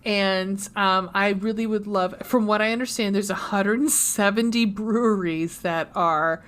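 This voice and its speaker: A woman co-hosting a book club podcast, talking casually with many fillers and pauses, emotional and close to tears. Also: medium pitch, fairly even intonation, a bit bright, smooth. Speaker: podcast co-host. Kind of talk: casual chat.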